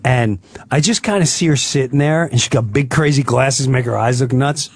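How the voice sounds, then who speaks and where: A man's voice: medium pitch, normal speed, husky, dry recording. A man who is a comedian guest, telling a comic story on a talk radio show and often jumping into voices. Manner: animated, jumps into voices.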